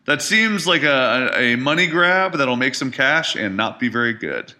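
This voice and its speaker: Bright-voiced animated podcast man. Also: medium pitch, moderate pace. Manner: animated, swearing, laughs easily. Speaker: podcast co-host. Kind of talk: casual chat.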